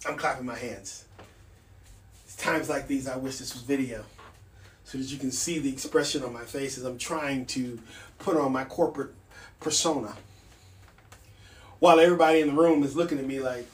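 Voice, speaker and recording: A man's voice: medium pitch, steady tone, normal speed, long pauses, distant mic, slight background noise. A man hosting a casual solo podcast, talking bluntly and with a sardonic edge. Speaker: podcast host. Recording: echoey room, off mic.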